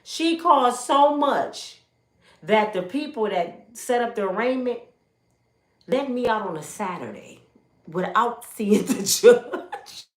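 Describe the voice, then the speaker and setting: Roomy-sounding animated middle-aged woman storyteller. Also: a little high, slow pace. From Michigan, United States. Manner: animated, acting out the voices of the people in her story. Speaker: storyteller giving a personal testimony. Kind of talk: casual spoken storytelling. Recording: roomy echo.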